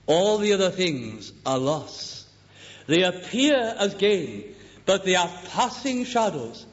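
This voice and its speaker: A male preacher delivering a slow, deliberate sermon, reciting scripture and hymn lines and sinking low on the words he stresses. His voice sits fairly high, and the dull, lo-fi recording carries a long reverb through the hall. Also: big pitch swings.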